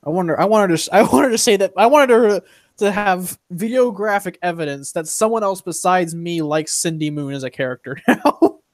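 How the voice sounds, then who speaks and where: A man's voice: sits high, normal speed, dry recording, studio quality. A young man hosting a casual stream chat, rambling and swearing, with plenty of fillers along the way. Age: young adult. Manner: profane, rambling, full of fillers. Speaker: stream host.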